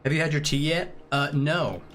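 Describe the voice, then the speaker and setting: A man's voice: on the high side, moderate pace, a bit bright. Joking British man streaming a strategy game. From United Kingdom. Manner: joking, rambling banter with chat while giving tactics. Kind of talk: casual live-stream commentary.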